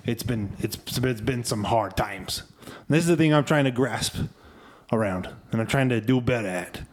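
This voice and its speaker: A man's voice: medium pitch, moderate pace. A man hosting a podcast, speaking in a reflective, searching way about his own fears. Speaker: podcast host. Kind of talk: casual chat.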